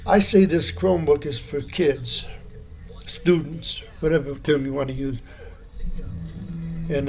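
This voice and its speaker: A man's voice: a little high, a little mellow, husky. An older man talking casually to the camera in a meandering, plainspoken way, with many fillers and restarts. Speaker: vlogger. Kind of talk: casual rambling monologue.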